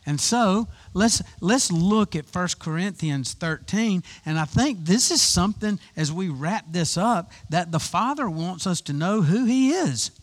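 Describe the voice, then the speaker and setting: A man's voice: high voice, expressive, measured pace, hardly any pauses. A man preaching a conversational sermon, with frequent restarts and rhetorical questions. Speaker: pastor.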